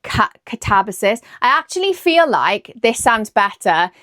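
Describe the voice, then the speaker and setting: A woman with a Welsh accent, chatting excitedly about books she plans to read and often second-guessing herself. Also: medium pitch, normal speed, no echo, clean studio sound. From Wales. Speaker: book vlogger. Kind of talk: casual chat about books.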